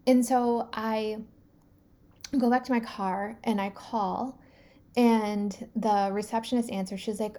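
A woman in her thirties retelling a personal story in a lively, animated way, full of fillers and acted-out quotes. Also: mid-range voice, a little slow. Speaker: podcast host.

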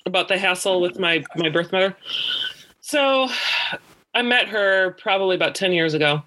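A man in casual chat, telling a heated personal story, profane and animated, acting out the dialogue. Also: moderate pace, low-quality recording. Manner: animated, profane, acts out quoted dialogue with rising pitch.

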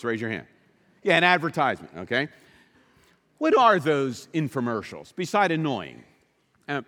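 A man's voice: high-pitched, a bit bright, long reverb tail. A male pastor preaching a sermon in an emphatic, conversational way, asking the congregation questions in a church sanctuary.

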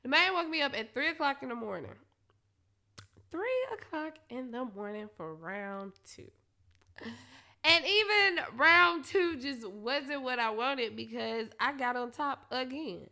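A young woman hosting a podcast, telling a candid, profane story in a casual monologue with quick asides to her listeners. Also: sits high, animated, gravelly, bright, forceful tone. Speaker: podcast host.

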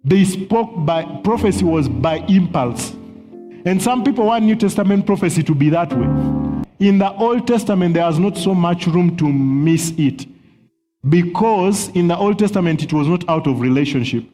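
A fairly high-pitched man with a warm, mellow voice, giving a sermon-style teaching. He sounds earnest, chuckles often and repeats words while he gathers his thoughts. His voice rings in a long hall reverb over faint music. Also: expressive, moderate pace. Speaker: preacher teaching on prophecy.

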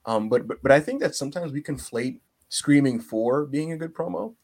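A man co-hosting a podcast, talking casually and animatedly, sometimes mocking shouted promos in a high strained voice. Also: brisk, slightly rough. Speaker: podcast co-host. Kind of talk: casual chat.

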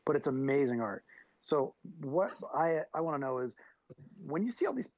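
A man's voice: fairly high pitch, very animated, normal speed, darkish tone, dry recording. A man hosting a podcast, asking enthusiastic, admiring questions in casual talk. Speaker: podcast host. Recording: dull, dry lo-fi sound.

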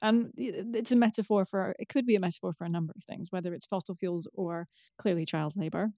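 A woman's voice: fairly low pitch, steady tone, dark tone, no echo, studio quality. Chatty woman podcast co-host. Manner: chatty, with fillers and quick asides. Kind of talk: casual chat about a TV episode.

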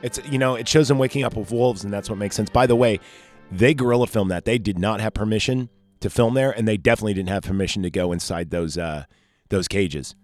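A man's voice: lowish voice, fast talker, a little mellow, faint music behind. A man hosting a podcast, talking casually and profanely about a movie, rambling and interrupting himself. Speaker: podcast host.

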